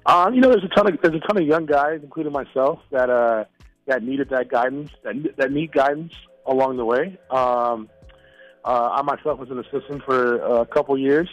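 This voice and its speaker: A man who leads a community youth program, speaking earnestly as a radio guest with many pauses. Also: mid-range voice, muffled recording, faint music behind. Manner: earnest, halting with fillers. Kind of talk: phone-in interview.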